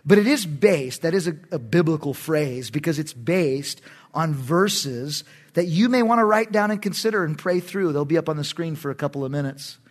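High-voiced, animated middle-aged preacher man. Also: normal speed. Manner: animated and emphatic, with sudden loud bursts. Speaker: pastor. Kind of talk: sermon.

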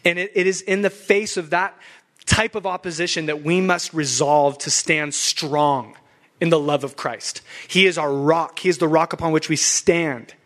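A man's voice: fairly high pitch, normal speed, fairly bright tone. A young adult man preaching a sermon as pastor, emphatic and fired up, with laughs between points.

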